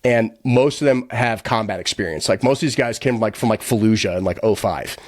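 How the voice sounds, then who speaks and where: A man guest on a podcast, telling a story in a casual, animated, profane way, laughing often and rambling with lots of "like". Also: on the low side, dry recording, clean studio sound. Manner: quick, rambling, heavy use of filler "like".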